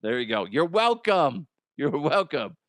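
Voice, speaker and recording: Middle-aged guy riffing on his podcast, animated, dry close mic. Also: a little slow, no room sound. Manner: animated storytelling, jumps into loud high exclamations. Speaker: podcast host. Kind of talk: comedic monologue.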